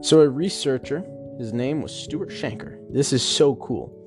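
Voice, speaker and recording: A man's voice: mid-range voice, a little slow, music in the background. A man hosting his own show, musing aloud in a rambling, self-interrupting way, recorded at work without a microphone. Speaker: podcast host. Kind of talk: casual solo musing. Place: workplace.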